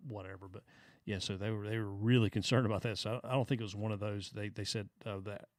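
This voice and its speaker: A laid-back Southern man with a lowish voice, co-hosting a casual podcast and reading odd news stories aloud. He talks with plenty of fillers and restarts and chuckles at his own jokes. The recording is close and dry. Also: fairly even intonation, quick pace, no room sound. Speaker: podcast co-host.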